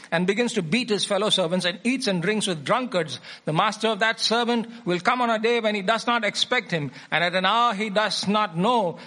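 A man preaching a sermon in a fairly high voice, reading Bible passages and then driving points home by saying them twice. His tone is bright and forceful, with an emphatic, teacherly delivery. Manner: emphatic, repeats key phrases.

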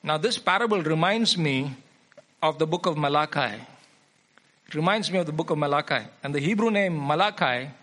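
A man preaching a sermon in a fairly high voice, reading Bible passages and then driving points home by saying them twice. His tone is bright and forceful, with an emphatic, teacherly delivery. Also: brisk. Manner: emphatic, repeats key phrases.

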